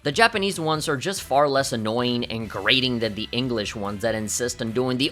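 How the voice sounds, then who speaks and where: A man in his thirties narrates a scripted game review in a bright, forward voice. He sounds opinionated and sardonic, with mid-range pitch. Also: animated, brisk, hardly any pauses, soft background music. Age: 30s. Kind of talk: scripted video review commentary.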